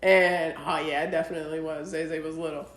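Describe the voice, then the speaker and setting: A woman's voice: deep voice, quick pace. A woman in her thirties, co-hosting a podcast, chatting casually and telling stories with lots of laughs. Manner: animated storytelling, laughs often. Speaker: podcast co-host. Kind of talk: casual chat. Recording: echoey room.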